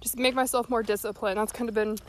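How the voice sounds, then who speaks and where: A woman's voice: on the high side, fairly even intonation, fast, a little hiss or hum. A young woman hosting a podcast, talking casually and a little out of breath while she walks. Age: young adult. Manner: rambling, folksy, earnest. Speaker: podcast host. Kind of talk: casual solo talk. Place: walking outdoors.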